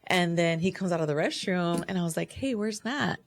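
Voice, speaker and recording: Lowish-voiced bilingual woman telling stories. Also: little pitch movement, fairly quick. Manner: candid storytelling, switches into Spanish, swears casually. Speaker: podcast co-host. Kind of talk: casual chat.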